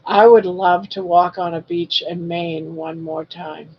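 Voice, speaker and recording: Woman in her 60s, live-stream host, slow and chatty, teases her viewers, slightly dull lo-fi audio. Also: on the low side, steady tone, slightly rough. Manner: chatty, reads viewer comments aloud and teases. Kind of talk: casual live-stream chat.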